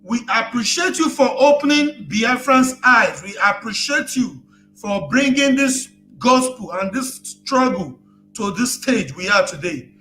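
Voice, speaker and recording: Man, high and bright voice, earnest prayer leader, faint music behind. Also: animated, a little slow. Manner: earnest, repeated thanks. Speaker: guest leading prayer. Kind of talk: spoken prayer.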